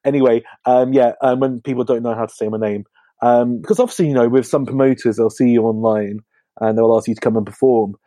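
English comic guest, slight lisp, warm relaxed timbre, lively casual anecdotes. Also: male voice, mid-range voice, fast talker, no echo. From England. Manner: chatty, animated storytelling. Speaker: comedian guest. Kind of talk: casual podcast chat.

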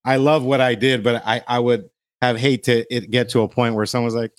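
A man's voice: medium pitch, steady tone, a little fast, no echo, clean studio sound. A man from Glendale, California, chatting loosely as a guest DJ, full of fillers and casual swearing. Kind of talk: casual podcast chat.

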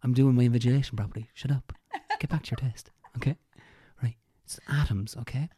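A woman voicing an overhelpful female exam invigilator in a whispered role-play, dropping hints in a loud stage whisper. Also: extremely low pitch, fast talker, husky, no room sound, studio quality, exaggerated voice. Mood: coaxing.

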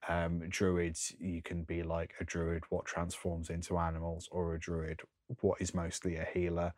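A man's voice: sits low, monotone, moderate pace, a little mellow, no echo, clean studio sound. A man co-hosting a podcast, chatting casually and rambling through lists with plenty of ums and laughs. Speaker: podcast co-host. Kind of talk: casual chat.

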